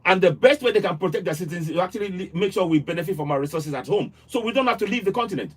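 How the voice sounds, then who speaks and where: A man's voice: high-pitched, expressive, very fast, breathy edge. A man hosting a live call-in show, talking earnestly with frequent restarts and repeated words. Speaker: livestream host.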